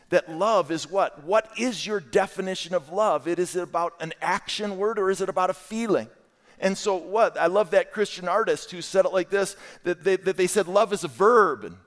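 A middle-aged man preaching a sermon as a guest speaker, animated and asking the congregation questions. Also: sits high, long reverb tail. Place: church.

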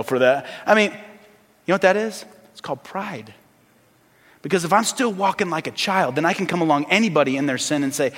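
A man preaching a sermon as pastor, swinging between loud emphasis and hushed, earnest asides. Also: on the high side, expressive, brisk, long reverb tail.

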